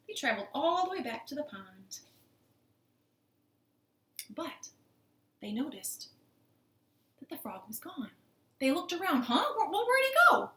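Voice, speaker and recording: There is a little hiss or hum and a roomy sound as a high-voiced woman librarian reads a picture book aloud to kids from her living room. Playful and animated, she quizzes the children with questions.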